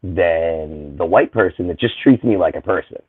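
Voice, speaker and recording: A man from the United States speaking in a casual discussion, impassioned and emphatic, at times rising to loud indignation. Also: low-pitched, normal speed, husky, dry recording. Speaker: panel guest. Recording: dry, tinny phone-like line.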